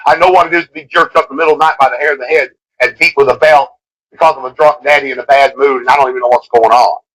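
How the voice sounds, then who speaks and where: A man's voice: medium pitch, steady tone, racing, low-quality recording. Impassioned preacher man on old cassette. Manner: impassioned, swings from shouting to hushed. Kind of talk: sermon. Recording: old cassette tape of a live sermon.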